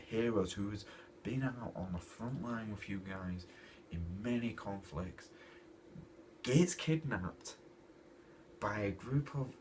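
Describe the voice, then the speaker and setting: A man reviewing a comic in a casual, exasperated rant. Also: fairly low pitch. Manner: exasperated, ranting, animated. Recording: distant mic with noisy background.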